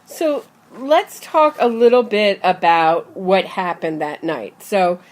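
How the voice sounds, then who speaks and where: A woman's voice: medium pitch, slow pace. A woman hosting a casual true-crime discussion, talking conversationally and steering the topic. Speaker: podcast host.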